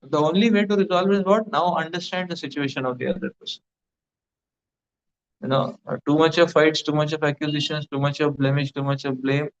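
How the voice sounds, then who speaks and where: A man's voice: a little high, steady tone, fairly quick. A man giving a devotional lecture as a spiritual teacher, rambling with many fillers like "you know". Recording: dull lo-fi recording.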